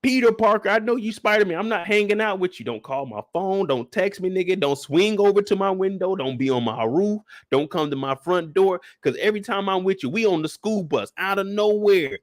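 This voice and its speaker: A man delivering an animated, profane, exasperated comedic rant. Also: sits high, a little fast, few pauses, dry recording, clean studio sound.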